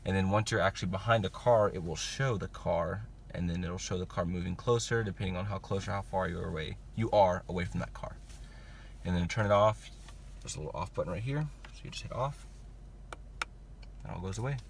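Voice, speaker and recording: This car reviewer is a young man whose low-pitched voice is fairly quick and creaky, with a little hiss or hum on the audio. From inside the car, he casually walks viewers through the interior, relaxed and chatty, full of fillers such as "like" and "you know."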